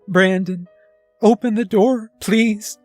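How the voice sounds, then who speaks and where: A man's voice: high-pitched, flat delivery, measured pace, dry recording, faint music behind, pitched above the performer's own voice. A man voicing a terrified teenage boy who pleads and whimpers for help in a horror story. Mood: begging.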